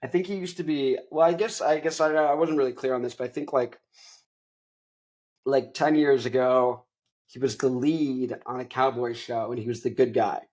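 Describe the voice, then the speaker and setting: A man's voice: mid-range voice, fairly even intonation, moderate pace, darkish tone, poor audio. A young man hosting a podcast and recapping a movie in a casual, rambling way with many restarts. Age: young adult. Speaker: podcast host.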